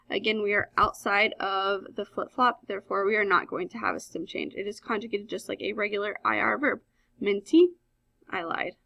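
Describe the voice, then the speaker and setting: A woman teacher walks students through a recorded lesson, explaining patiently and filling pauses with "um". Her voice is bright with a gravelly edge, and the recording is dry and close. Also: medium pitch, no echo. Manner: explanatory, frequent "um" fillers. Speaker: Spanish teacher.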